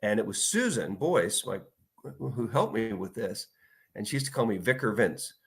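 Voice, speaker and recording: A man in his fifties, an author guest in a casual interview, telling stories and acting out quotes in lively bursts. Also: lowish voice, moderate pace. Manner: animated storyteller, acts out quotes.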